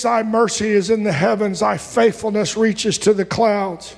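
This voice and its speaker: A male pastor preaching a sermon, reading scripture aloud and building to repeated shouted lines. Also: high-pitched, fairly even intonation, unhurried, vocal fry, hardly any pauses. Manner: preaching with rising shouts and repetition. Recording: long reverb of a hall.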